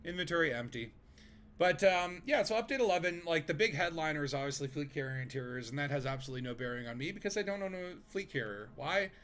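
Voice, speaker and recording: A man's voice: fairly high pitch, lively intonation, fast talker, a bit bright. A man streaming a space game from his home desk, chatting casually with friends, rambling and joking with lots of fillers. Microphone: desk microphone.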